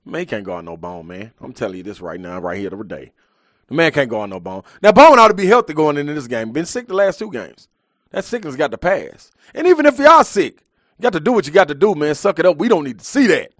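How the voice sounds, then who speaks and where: A man's voice: fairly high pitch, big pitch swings, fast, a bit bright, dry recording, clean studio sound. Fired-up man ranting. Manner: fired-up, emphatic ranting in heavy slang. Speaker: sports talk show host. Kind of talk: live sports talk monologue.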